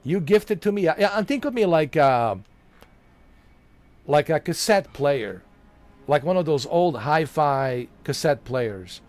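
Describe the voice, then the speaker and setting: A man's voice: fairly high pitch, lively intonation, measured pace, darkish tone. A man streaming a video game, chatting casually and joking with his viewers, laughing often. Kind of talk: casual live-stream commentary.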